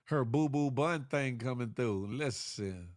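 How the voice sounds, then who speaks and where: A man's voice: mid-range voice, unhurried, no echo. Tired congested guy chatting on his morning show, laid back, laughs a lot, dry close mic. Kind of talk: casual live-stream chat reading viewer comments.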